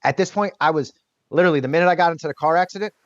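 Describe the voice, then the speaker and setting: A man guest on an interview podcast, telling a personal story in a casual, lively way and acting out what others said. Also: fairly high pitch, very fast, no room sound. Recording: dull lo-fi dry sound.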